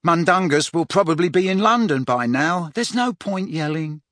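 Guy doing a chill young witch lady, a bit higher, totally unbothered, dry read. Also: normal speed, no room sound. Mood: calm. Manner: calm, matter-of-fact. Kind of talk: audiobook character voice.

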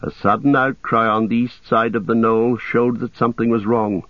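A man narrating a story in a steady, measured reading voice. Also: medium pitch, no echo. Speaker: audiobook narrator. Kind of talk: scripted narration. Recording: tinny phone-like sound, dry.

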